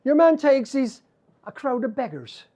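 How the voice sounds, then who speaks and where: Animated Irish storyteller spinning a folktale. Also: male voice, very high voice, measured pace. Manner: lilting, animated, repeats phrases.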